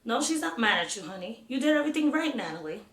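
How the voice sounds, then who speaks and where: A woman reading the part of a gentle, worried father who soothes his daughter, in a storybook read-aloud. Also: fairly high pitch, sing-song, fast. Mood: reassuring. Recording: roomy echo.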